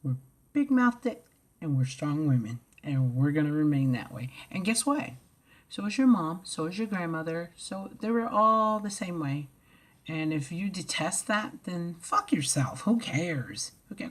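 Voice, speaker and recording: A woman with a low, husky voice rants to camera in a vlog, blunt and profane. Her pitch leaps widely, and she swings from loud outbursts to low mutters. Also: expressive, measured pace. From United States. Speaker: vlogger. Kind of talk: ranting to camera.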